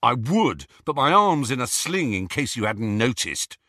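A man's voice: medium pitch, very animated, measured pace, sharp tone, dry recording, studio quality, heavily acted. A man voicing a hungry, grumpy young man who talks in a sulky, snappish way. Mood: grumbling.

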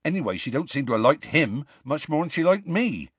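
A man voicing a huge, gentle half-giant who talks earnestly and desperately with rustic grammar, in an audiobook. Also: a little high, sing-song, brisk, husky, dry recording, pitched above the performer's own voice. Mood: anxious, explaining. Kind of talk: audiobook character voice.

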